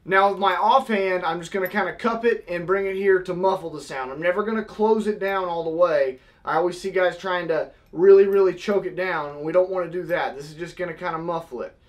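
High-voiced man teaching goose calling. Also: a little fast, few pauses. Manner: step-by-step, demonstrating with vocal honk sounds. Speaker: goose call instructor. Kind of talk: casual how-to tutorial.

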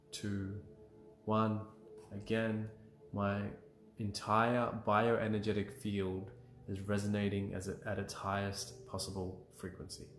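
A man with a lowish voice leads a livestreamed healing session, speaking slowly and calmly through breaths and affirmations. His voice carries a roomy echo, with soft music faintly behind it. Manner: slow, calm guided breathing with frequent sighs and affirmations. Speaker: emotional clearing practitioner leading a live session.

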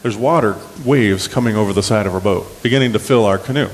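A man preaching a sermon in a relaxed, folksy, storytelling manner, with plenty of ums and restarts. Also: lowish voice, quick pace, long reverb tail. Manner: folksy, conversational, many fillers and restarts. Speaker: pastor. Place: church sanctuary.

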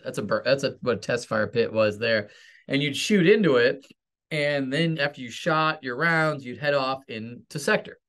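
A man with a mid-range, slightly bright voice appears as an interview guest. He's a pastor and military veteran who tells stories in a rambling, self-deprecating way during a casual storytelling interview.

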